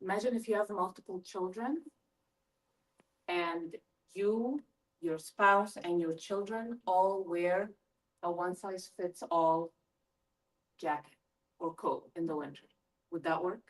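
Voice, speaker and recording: A middle-aged woman giving a lively parent workshop talk, asking her audience questions as she goes. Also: on the low side, measured pace, pauses often. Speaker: school family-engagement presenter. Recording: voice from a distance from the mic.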